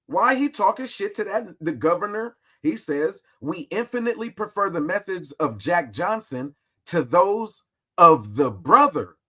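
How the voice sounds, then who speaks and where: A man with a somewhat high voice talks through history on a casual livestream. He is slangy and profane, and his delivery is animated, with big swings in pitch. He rides his jokes hard. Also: slightly rough. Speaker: host.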